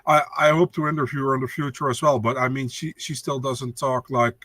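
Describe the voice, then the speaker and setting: A man co-hosting a podcast in casual chat, halting and searching for words. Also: medium pitch, little pitch movement, fairly bright tone, no echo. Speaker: podcast co-host.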